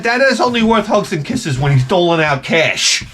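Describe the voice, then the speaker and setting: Animated, swearing male vlogger. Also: mid-range voice, a little slow, faint music behind. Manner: profane, rambling, animated. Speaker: vlogger and father. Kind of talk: casual ranting monologue.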